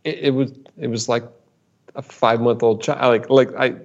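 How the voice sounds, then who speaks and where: A man telling an animated story as a guest expert in conversation. He often repeats words and acts out what people said. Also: medium pitch, normal speed, dull audio.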